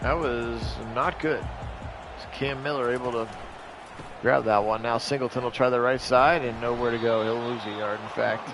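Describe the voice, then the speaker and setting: A man calling a simulated football game on his own, jumping up loud on big plays and chatting with viewers in between. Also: mid-range voice, steady tone, moderate pace, over music. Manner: rises sharply and loud for big plays, chatty asides to live chat. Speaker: play-by-play host of video game sims. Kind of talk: solo play-by-play commentary on a simulated game.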